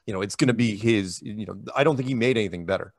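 A man's voice: on the low side, fast talker, no echo. A man from the United States, talking casually in an interview, rambling with many restarts and quoted asides. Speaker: interview guest.

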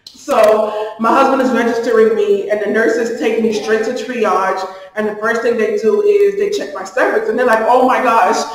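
A woman's voice: fairly high pitch, fairly even intonation, normal speed. A woman vlogger casually telling a story to the camera, animating it by acting out the dialogue. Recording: echoey room from a distance.

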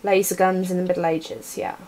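A woman's voice: lowish voice, flat delivery, a little fast, darkish tone, slight background noise. A young woman streaming a retro adventure game, joking with viewers as she types commands. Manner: playful, chatting to viewers while typing commands. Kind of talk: casual live-stream commentary. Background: keyboard typing.

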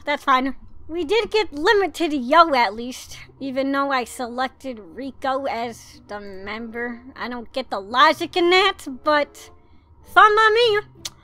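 A woman giving casual commentary while pulling cards in a mobile game, talking in an excitable, pleading, dramatic way. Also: high voice, slow pace.

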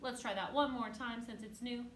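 Patient and encouraging, a woman teaches an online music lesson to kids, speaking to them slowly and clearly. Her voice is on the higher side with fairly even intonation, and the recording has a roomy echo with faint music behind.

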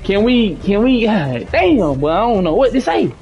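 A man's voice: high-pitched, sing-song, a little slow, dull audio, faint music behind. A young man streaming a basketball video game, coaching and scolding his teammates in casual, slangy, profane talk. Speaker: gaming streamer. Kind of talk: live gameplay chat with teammates.

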